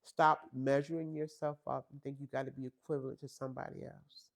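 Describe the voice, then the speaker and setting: A woman's voice: extremely low pitch, flat delivery, brisk, gravelly. Emphatic woman preaching a pep talk. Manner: talks straight to women listeners, calls them girl and honey. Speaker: podcast host. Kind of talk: faith-based motivational talk.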